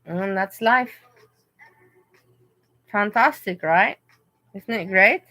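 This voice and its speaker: Bright-voiced woman chatting on a livestream. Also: mid-range voice, takes it slowly, poor audio. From Europe. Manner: animated, talks back to chat commenters. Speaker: livestream host reading chat. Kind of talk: casual livestream chat. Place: hotel room.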